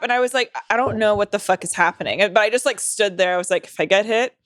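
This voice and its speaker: A woman's voice: mid-range voice, quick pace, a bit bright, no room sound. A woman co-hosting a comedy podcast talks brashly and swears constantly. Her voice sits in a middle range, recorded dry and close. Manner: brash and profane. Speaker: podcast co-host. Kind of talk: casual podcast gossip.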